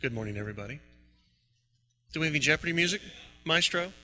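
A man hosting a morning radio show, his voice sitting a little high and swinging widely in pitch. He jokes and talks fast, laughing often. Music is playing clearly behind him. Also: poor audio. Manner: loud, fast and animated, quick laughs. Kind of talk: joking morning radio banter.

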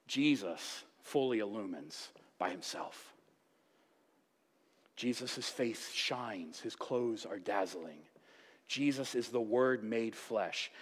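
A man preaching a sermon as pastor, with playful asides and acted-out quotes. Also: medium pitch. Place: church sanctuary. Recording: long church reverb.

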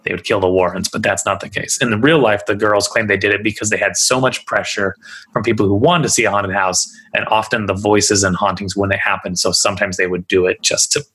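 A man with a low, husky voice hosts a podcast in a relaxed, rambling way. His delivery is loose and full of fillers. He talks at a studio mic. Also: brisk. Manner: chatty, loose, lots of fillers. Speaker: podcast host. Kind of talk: casual chat.

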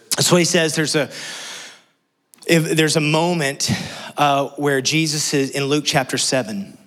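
A man preaching a sermon, earnest, dropping to a soft hush when he voices prayers and quotes. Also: mid-range voice. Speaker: pastor.

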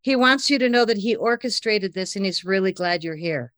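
A woman relaying, in a slightly higher voice, a young woman's matter-of-fact message about a man. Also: expressive, a little fast, fairly bright tone, no room sound, clean studio sound, close to an everyday voice. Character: young woman outside a hotel passing on a ghostly message.

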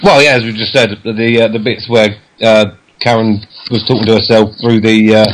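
A man's voice: lowish voice, flat delivery, slight background noise, poor audio. A man co-hosting a casual podcast over a call, joking and chatty. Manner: joking, quick. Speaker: podcast co-host.

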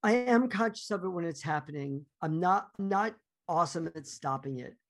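A man's voice: on the high side, expressive, normal speed. A man in his forties, a podcast guest talking candidly and reflectively about himself, often trailing off.

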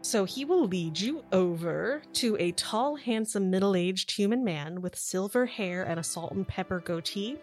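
A woman's voice: mid-range voice, expressive, measured pace, few pauses, soft background music. A woman narrating as game master for a tabletop game, descriptive and lightly joking.

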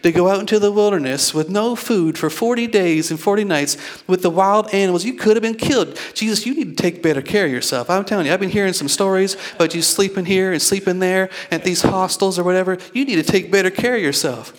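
A woman's voice: low voice, fast, hardly any pauses, darkish tone, big-room sound, close to an everyday voice. A man voicing a worried, fussing mother who scolds her grown son. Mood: worked up. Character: worried fussing mother, middle-aged woman.

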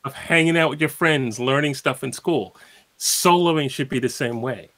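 A man's voice: medium pitch, moderate pace, fairly bright tone. A man guest in a casual interview, explaining at an easy pace with plenty of fillers and spoken examples. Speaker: guitarist guest.

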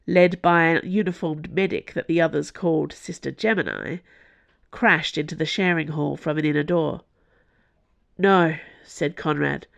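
A woman narrating an audiobook in a slow, measured reading. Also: lowish voice, gravelly, no room sound.

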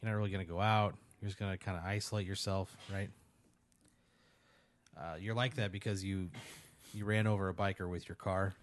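Guy spinning a goofy hypothetical, deadpan, lots of "like", lowish voice. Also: a little fast, long pauses, dry recording. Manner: rambling, deadpan, lots of fillers and "like". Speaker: podcast host. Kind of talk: casual comedic storytelling.

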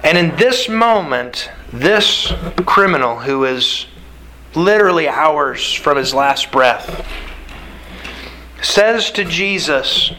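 A man's voice: fairly high pitch, lively intonation, takes it slowly, sharp tone, a little hiss or hum, poor audio. A man preaching a sermon, telling the story emphatically with repeated phrases. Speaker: pastor.

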